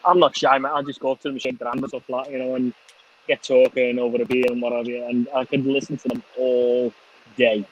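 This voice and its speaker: A man's voice: medium pitch, level tone, brisk, lo-fi sound. A middle-aged man hosting a casual chat, laughing and swearing freely. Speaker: host.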